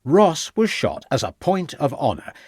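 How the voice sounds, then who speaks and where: A man's voice: on the low side, sing-song, normal speed, no room sound, studio quality. A man playing a firm, probing inspector. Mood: pressing. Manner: firm, pressing, commanding. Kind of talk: audiobook character voice.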